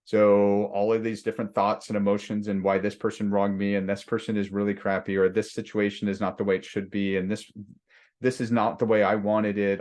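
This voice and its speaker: A man's voice: fairly low pitch, a little mellow. A man coaching a workshop group in a conversational way, with many restarts, acting out the voices of a complaining mind. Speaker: leadership coach. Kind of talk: workshop lesson.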